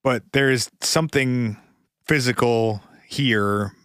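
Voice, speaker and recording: A man co-hosting a podcast, talking in a measured way and reasoning things through aloud. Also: medium pitch, a bit bright, clean tone. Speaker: podcast co-host. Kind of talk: casual chat.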